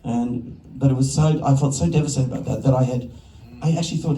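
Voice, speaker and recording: Animated Australian man telling stage stories. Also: mid-range voice, quick pace, slight background noise. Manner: animated, self-interrupting storyteller. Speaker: film director, festival jury president. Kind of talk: onstage conversation, anecdotal storytelling. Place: festival stage before an audience. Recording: echoey hall, distant mic.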